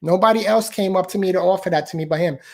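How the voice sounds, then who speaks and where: A man with a fairly high voice tells a personal story as a guest on a live online interview. He talks in a heartfelt way, repeats his phrases and keeps addressing the listener as "man". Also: fast talker, a little mellow. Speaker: guest author and speaker. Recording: live online talk show.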